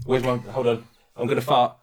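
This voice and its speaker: A man's voice: medium pitch, flat delivery, fairly quick, music in the background, lightly acted. A man voicing a brash, crude Mexican character in a poncho with a put-on Mexican accent, swaggering and teasing in improvised comedy chat.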